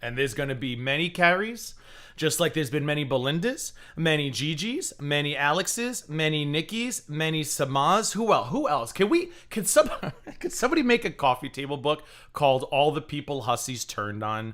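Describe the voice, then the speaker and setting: Livestream host, man, swears a lot, fast sarcastic rant, higher pitch. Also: animated, a bit bright. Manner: profane, rapid and sarcastic. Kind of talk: ranting livestream commentary.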